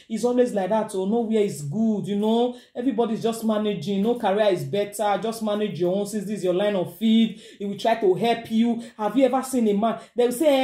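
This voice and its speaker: A woman with a Nigerian accent giving relationship advice in a casual, animated monologue, acting out quoted voices and slipping into pidgin. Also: medium pitch, fairly quick, few pauses, reverberant.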